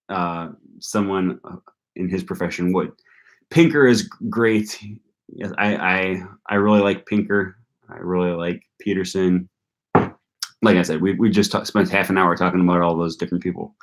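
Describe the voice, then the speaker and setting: A young man answers viewer questions on a live stream in a relaxed, rambling way. His voice sits a little low, and he pauses often with ums while he thinks. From North Carolina. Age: young adult. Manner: casual, thinking aloud with frequent ums.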